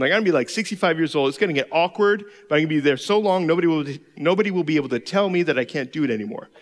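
A man's voice: sits high, fairly bright tone, long reverb tail. A middle-aged man preaching a sermon, telling a candid, self-deprecating personal story with laughs. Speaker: pastor.

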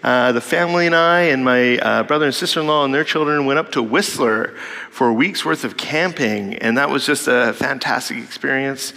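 A man casually telling a long family story as a father, animated and acting out his kids' lines. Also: moderate pace, vocal fry, in a large hall. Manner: animated, quotes his kids in higher voices.

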